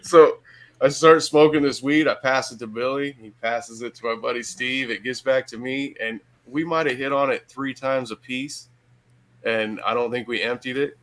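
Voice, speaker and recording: A middle-aged man from Michigan spins a story in a casual podcast chat. He swears freely and breaks into big laughs along the way. His voice sits at an ordinary middle pitch. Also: fairly even intonation, normal speed, fairly bright tone, low-quality recording. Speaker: podcast guest.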